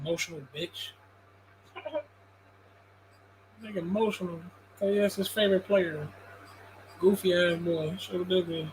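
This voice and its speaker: A man's voice: high voice, steady tone, moderate pace, long pauses, a little hiss or hum, rough recording. A man hosting a casual livestream sports talk show, laid-back, profane and dismissive. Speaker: host.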